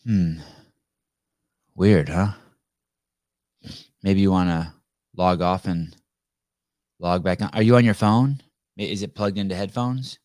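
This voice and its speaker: Low-voiced blunt man hosting a live video podcast. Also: steady tone, slow, long pauses, a little mellow, no room sound, studio quality. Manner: blunt, profane, joking. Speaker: podcast host. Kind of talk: casual live video-call chat. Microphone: video call.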